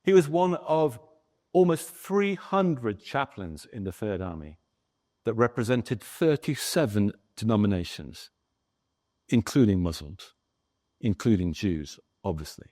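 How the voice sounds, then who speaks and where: A man giving a lively historical lecture as a guest author, telling a story and talking with the audience in the room. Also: on the low side, unhurried. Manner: animated storyteller, chatting with the audience.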